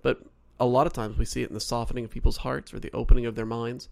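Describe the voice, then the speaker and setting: Measured male podcast co-host. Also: mid-range voice, flat delivery, creaky. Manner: measured, reasons step by step, rephrasing himself. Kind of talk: casual podcast discussion.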